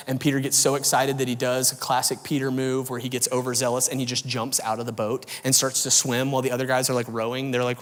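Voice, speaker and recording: A man preaching a sermon as pastor, telling a story with animated swings between loud bursts and quiet, low lines. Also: fast, few pauses, big-room sound. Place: large church auditorium.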